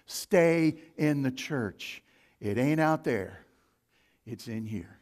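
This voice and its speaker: A male pastor preaching a sermon, with big swings from loud emphasis to hushed asides. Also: a little high.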